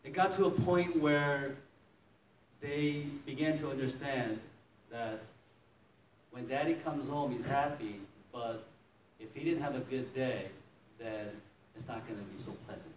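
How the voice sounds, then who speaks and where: A man's voice: medium pitch, measured pace, a little hiss or hum. A middle-aged man, a pastor, telling a personal story in a sermon. He chuckles often and acts out the voices of the people in it. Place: church hall. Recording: echoey hall from a distance.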